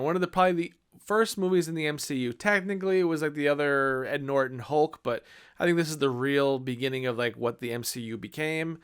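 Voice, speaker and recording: A man's voice: on the high side, a bit bright, smooth. A man in his thirties giving a casual movie review, enthusiastic and rambling with many fillers.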